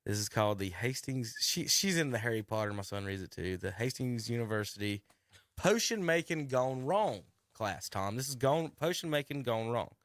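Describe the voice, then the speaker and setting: A middle-aged man, hosting sports talk radio and telling a rambling, animated coaching story with many restarts. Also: mid-range voice, normal speed, no echo, studio quality. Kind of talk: casual radio chat narrating a video clip. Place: radio studio.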